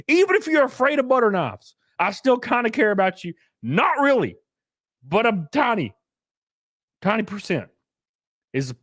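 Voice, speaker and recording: A man hosting his livestream in casual chat, loud and joking, who breaks into sudden yelps of excitement. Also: high-pitched, no echo, clean studio sound. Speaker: streamer host.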